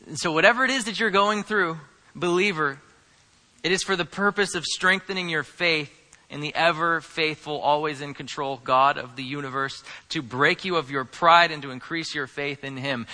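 A male pastor delivering a sermon earnestly, moving between hushed asides and emphatic stresses. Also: a little high, moderate pace, long reverb tail.

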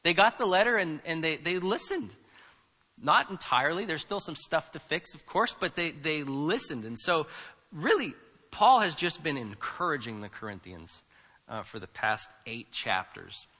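A man's voice: a little high, animated, moderate pace, sharp tone, in a large hall. A man preaching a sermon as pastor, talking in a conversational, emphatic way and asking rhetorical questions, recorded in a church.

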